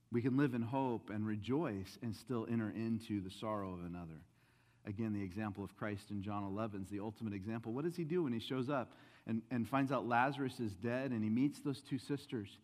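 A man preaching a sermon as pastor, swinging between loud emphatic rises and soft, low asides. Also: brisk, in a large hall. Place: church sanctuary.

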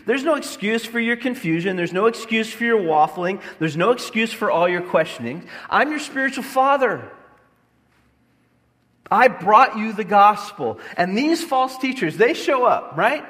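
A man preaching a sermon as a pastor, passionate and emphatic, swinging from loud lines to quiet, low ones. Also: animated, normal speed. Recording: long hall reverb.

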